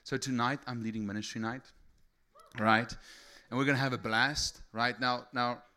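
This male preacher starts off casual and works his way up to fervent shouting. His mid-range voice has a flat delivery at a normal speed.

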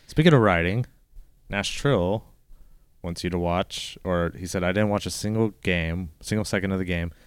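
A man's voice: low-pitched, normal speed, clean tone, no room sound, clean studio sound. A man co-hosting a sports podcast, hesitant and chuckling as he reads listener questions. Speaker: podcast co-host. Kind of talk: casual sports podcast chat.

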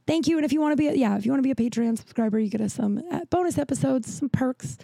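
Gravelly chatty woman podcast host. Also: high voice, racing, warm tone, no echo. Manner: chatty, peppered with "like". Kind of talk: casual storytelling.

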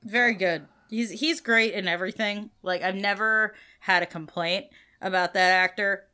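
A woman co-hosting a podcast, chatting casually about a TV show with lively opinions and plenty of fillers. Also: mid-range voice, smooth. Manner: animated, fillers, quick opinions, laughs often. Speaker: podcast co-host.

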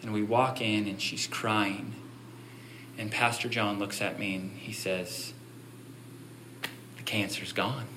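A pastor preaching a sermon, telling a story in a conversational way and building to emphatic appeals. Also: male voice, fairly low pitch, fairly even intonation, takes it slowly, long pauses, background noise.

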